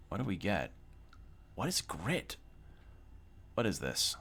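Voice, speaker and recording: A man's voice: sits low, wildly swooping pitch, takes it slowly, long pauses, a bit bright. A man streaming a video game, muttering as he reads the game text aloud. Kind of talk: gameplay commentary.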